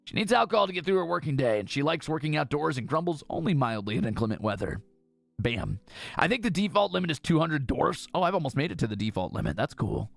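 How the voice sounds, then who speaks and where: Brief: male game streamer, very gravelly fry, lively swooping delivery, dry close sound. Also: a little high, quick pace, no room sound. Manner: animated, reads game text aloud with excited asides. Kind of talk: casual gameplay commentary.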